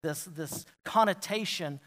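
Slow, high-voiced preaching man. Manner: swings from quiet, intimate asides to loud emphatic declarations; asks the congregation repeated rhetorical questions. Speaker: pastor. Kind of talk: sermon.

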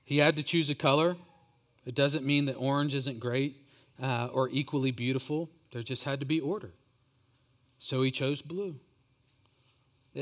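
A man's voice: a little high, a bit bright. Earnest man preaching a sermon. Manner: earnest, repeats words while building a point. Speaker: pastor.

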